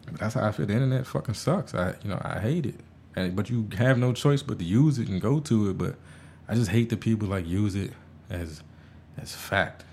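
Male podcast host, very low voice, rambling, stammering, self-deprecating. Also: fairly quick, gravelly, a little mellow, a little hiss or hum. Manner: rambling, stammering restarts, frequent swearing. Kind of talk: casual podcast monologue.

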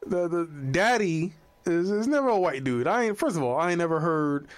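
A man in casual, swearing banter, animated and jumping up in pitch when excited. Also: fairly quick.

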